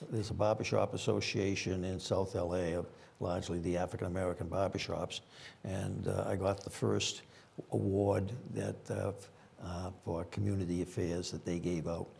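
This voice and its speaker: A man's voice: low-pitched, level tone, normal speed, vocal fry, darkish tone, breathy edge. An older man with a Boston accent, a former police chief telling rambling anecdotes with frequent fillers at a conference panel.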